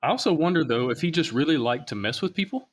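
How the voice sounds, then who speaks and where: Fast-talking Southern man hosting. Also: a little high. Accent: Southern American. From Alabama, US Deep South. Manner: animated storyteller, acts out quotes. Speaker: podcast host. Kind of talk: casual interview.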